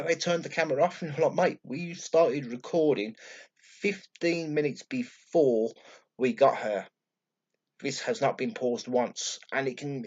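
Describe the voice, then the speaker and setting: A man with a Birmingham accent telling a story to camera in a blunt, sweary, excitable way, acting out what others said. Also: medium pitch, highs cut off. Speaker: vlogger. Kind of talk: casual storytelling vlog.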